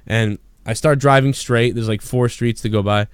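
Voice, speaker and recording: A man hosting a podcast, telling a rambling, profane story in an excitable, casual way. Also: mid-range voice, moderate pace, clear, resonant tone, no room sound. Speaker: podcast host.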